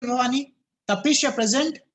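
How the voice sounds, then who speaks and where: A man's voice: very high voice, normal speed, fairly bright tone. A man teaching a physics class over a video call, his voice cracking, repeatedly asking students "yes or no?" and telling them to think about it.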